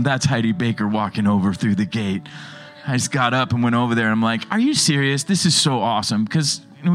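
A man pastor preaching a sermon, telling stories in an animated way. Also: mid-range voice.

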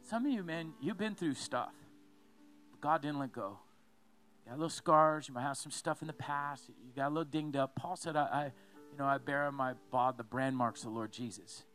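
A man preaching a sermon as a pastor, telling a story with lively asides and repeated phrases. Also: medium pitch, normal speed, faint music behind.

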